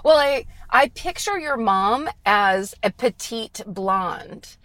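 A woman's voice: fairly high pitch, animated, slow pace, fairly bright tone, no echo. Lady laughing a lot while chatting, co-hosting from a car, dry no-room sound. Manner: giggly, laughs often while talking. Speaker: podcast co-host. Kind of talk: casual chat. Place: inside a car.

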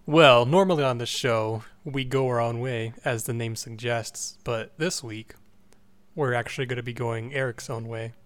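A man with an everyday mid-range voice co-hosting a relaxed podcast. He chats with his co-hosts and slips in dry jokes. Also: medium pitch, normal speed. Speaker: podcast co-host. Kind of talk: casual chat.

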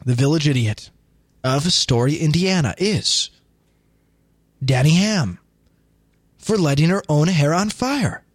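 Animated joking podcast host, man. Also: a little high, slow, pauses often, slightly rough, dry recording. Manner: animated, jokey, reads news items aloud. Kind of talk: casual comedy podcast chat.

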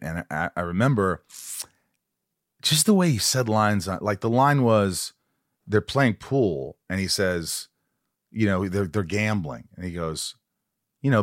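A man's voice: sits low, dry recording, clean studio sound. A man hosting a podcast interview in casual chat, rambling, laughing and often cutting himself off. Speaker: podcast host.

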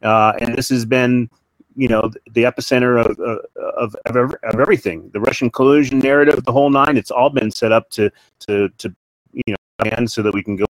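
A man talking politics as an interview guest, halting with many restarts and fillers, then hammering his points home with repetition. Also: medium pitch, fairly even intonation, no echo, rough recording. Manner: emphatic, repeats points. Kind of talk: casual political talk.

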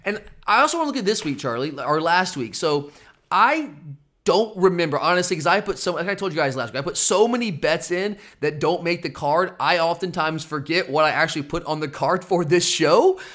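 A man's voice: a little high, lively intonation, brisk, fairly bright tone. A man hosting a casual sports betting podcast, teasing his co-host and rambling with frequent restarts.

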